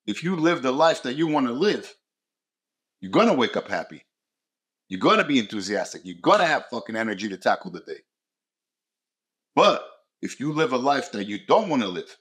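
A man's voice: medium pitch, sing-song, normal speed, long pauses, fairly bright tone, slightly rough. A man hosting a motivational podcast, talking bluntly and with lots of swearing, hammering his points home with short repeated phrases. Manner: blunt, profane and emphatic. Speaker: podcast host.

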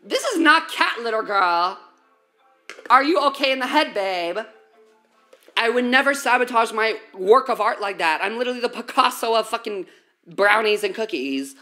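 A woman's voice: on the high side, lively intonation, normal speed, bright, forceful tone, faint music behind. A young woman streaming while she bakes, chatting in slangy, profane valley-girl talk straight to her viewers from a home kitchen. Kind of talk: casual baking livestream chat.

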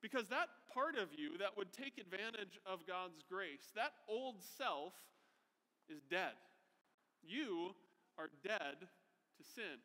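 A man's voice: sits high, lively intonation, takes it slowly, pushed and bright, in a large hall. A man preaching a sermon as pastor, conversational, often checking in with a rhetorical "right?".

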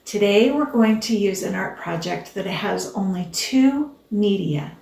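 An older woman hosting a children's show, teaching gently and patiently, explaining step by step. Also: medium pitch, expressive, a little slow, creaky, echoey room, far from the mic, a little hiss or hum.

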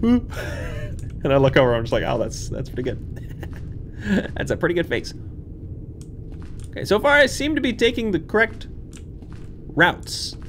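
Young man, horror game let's play, lively voice, jumpy, hushed to yelping, noisy background. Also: high-pitched, measured pace, long pauses. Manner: jumpy, swings from hushed muttering to yelps. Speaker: gaming channel host. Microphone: desk microphone.

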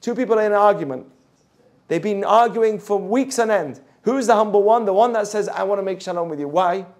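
A man teaching a Jewish ethics class, animated, acting out the voices of the people he quotes. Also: high voice, fairly quick.

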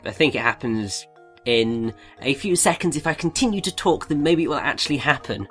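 A man's voice: mid-range voice, animated, fairly quick, fairly bright tone, faint music behind. An English man chatting casually while commentating a puzzle game playthrough, explaining British references. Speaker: let's play commentator. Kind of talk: casual gaming chat.

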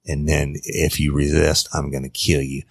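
A man voicing a cold, threatening male abductor who speaks in a flat, menacing way. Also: extremely low pitch, moderate pace, vocal fry, breathy edge, no room sound, studio quality, full character voice.

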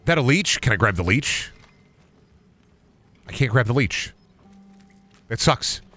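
A man's voice: mid-range voice, expressive, a little slow, bright, forceful tone, faint music behind. A man streaming a video game and commenting live, talking in a profane, repetitive, often exasperated mutter.

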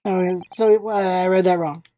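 A woman's voice: fairly low pitch, fairly even intonation, normal speed, warm tone. A woman chatting and joking while reading through a game. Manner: chatty, jokey, laughs at herself. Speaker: let's-play host reading game dialogue. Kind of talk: casual gameplay commentary.

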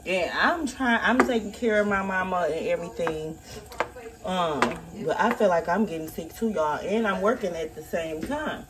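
A woman's voice: on the low side, animated, moderate pace, background noise. A woman filming a casual cooking vlog in her home kitchen on a handheld phone. She chats straight to viewers and swears freely. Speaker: cooking vlogger filling in for her mother.

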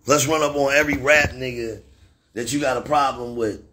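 A middle-aged man, a rapper, ranting angrily and profanely on a phone livestream and breaking into sudden high-pitched shouts. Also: fairly even intonation, brisk, a little hiss or hum. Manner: angry, profane, threatening tirade that jumps into sudden high shouts.

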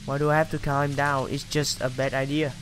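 A man's voice: mid-range voice, little pitch movement, brisk, fairly bright tone, a little hiss or hum. A man commenting on a game as he plays, jumpy and swearing a lot. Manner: jumpy, swears a lot, reads dialogue aloud in voices. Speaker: gamer. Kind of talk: let's play commentary.

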